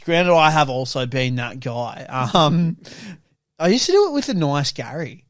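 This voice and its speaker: Sweary, animated young man. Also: a little high, unhurried, dry recording, clean studio sound. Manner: sweary, acts out voices in anecdotes. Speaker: podcast co-host. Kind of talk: casual podcast banter.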